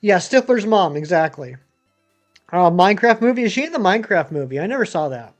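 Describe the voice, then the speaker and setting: A man in his thirties talks loosely to his viewers, drifting between topics and filling gaps with ums. His voice sits high for a man. Soft music plays faintly behind him. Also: big pitch swings, a little fast. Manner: rambling, chatty, many ums and uhs. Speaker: game streamer. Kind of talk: casual live-stream chat answering viewers.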